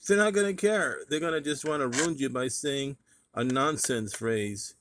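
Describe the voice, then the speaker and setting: A man's voice: mid-range voice, normal speed, fairly bright tone, slight background noise. A man vlogging in a casual monologue, talking emphatically in a ranting way and repeating his points.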